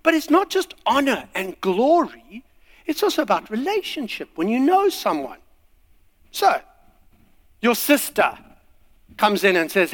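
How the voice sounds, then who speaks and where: Man preaching, lively swooping pitch, long hall reverb. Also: normal speed. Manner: animated, acts out little scenes and voices. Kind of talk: sermon.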